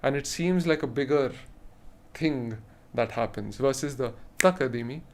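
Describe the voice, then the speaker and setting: A man's voice: mid-range voice, normal speed, darkish tone. A man teaching rhythm in an online lesson, explaining patiently and chanting rhythm syllables to demonstrate. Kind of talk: spoken lesson with vocal rhythm demos.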